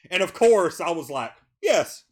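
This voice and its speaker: A fairly high-pitched man hosts a casual interview over a video call. He sounds excitable and often stammers over his words. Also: moderate pace. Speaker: podcast host.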